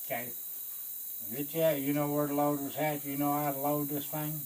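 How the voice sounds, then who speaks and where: A man, a Vietnam veteran, telling a war story in an animated way, swearing and acting out the voices of others. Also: fairly high pitch, normal speed, slight background noise, low-quality recording. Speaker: Vietnam veteran recounting service.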